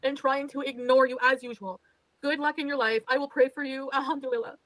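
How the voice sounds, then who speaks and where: A woman's voice: high voice, steady tone, a little fast, fairly bright tone, no room sound, rough recording. A woman streamer venting on a livestream, exasperated and resigned, swearing often. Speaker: streamer in a played clip.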